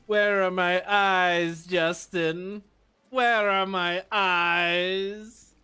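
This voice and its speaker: A man's voice: sits high, steady tone, very slow, bright, forceful tone, clean tone, exaggerated voice. A man voicing a vain, eyeless game character, wailing and theatrical, admiring his own looks. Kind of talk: put-on character voice on a livestream.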